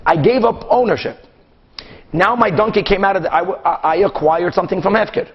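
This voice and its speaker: High-voiced animated rabbi teaching Talmud. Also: male voice, slightly rough, muffled recording. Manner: animated, acts out both sides of cases with quick back-and-forth. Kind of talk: Talmud class lecture.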